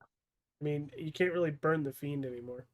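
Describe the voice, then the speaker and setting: A man co-hosting a wrestling podcast, cracking deadpan dark jokes in casual chat. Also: a little high, normal speed. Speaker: podcast co-host.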